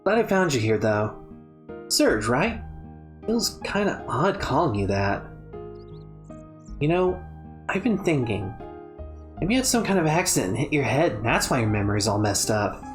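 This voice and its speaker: A woman voicing a gentle, caring young woman who speaks in a soft, sincere way. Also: very deep voice, big pitch swings, moderate pace, long pauses, soft background music. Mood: earnest.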